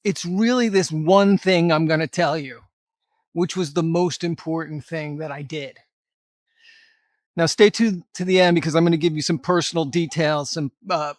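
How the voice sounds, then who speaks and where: A man's voice: fairly high pitch, no room sound, clean studio sound. A middle-aged man giving a blunt, emphatic motivational talk to camera as a fitness vlogger, with some mild cursing.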